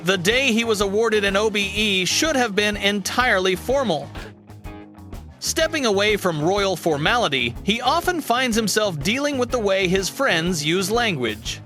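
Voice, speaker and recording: A man reading a scripted narration in a smooth, even delivery. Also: high voice, moderate pace, soft background music.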